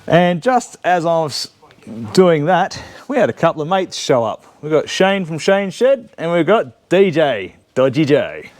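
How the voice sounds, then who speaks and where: Working on a car in his home shed workshop, a channel host with an Australian accent chats, jokes and teases casually. His voice is a little high and sing-song, and he's in no hurry.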